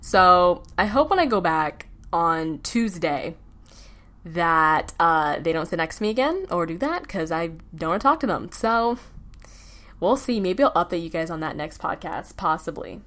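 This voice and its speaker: A teenage girl hosting her own podcast, chatting casually in a rambling way, full of "like" fillers and quick laughs. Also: lowish voice, sing-song, fairly bright tone. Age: teens. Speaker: podcast host. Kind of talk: casual solo chat. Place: home, with a baby babbling nearby.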